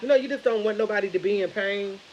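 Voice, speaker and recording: A woman's voice: mid-range voice, fast, muffled recording. Chatty woman rambling on a live stream. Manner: chatty, rambling, retells conversations. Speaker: vlogger. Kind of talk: casual live-stream chat.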